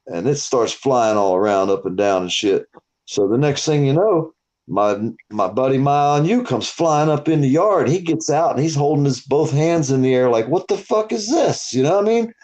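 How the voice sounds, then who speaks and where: A man hosting a live stream, telling stories in a profane, animated way. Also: mid-range voice, normal speed. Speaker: stream host. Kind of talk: casual storytelling chat. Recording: dull lo-fi stream audio.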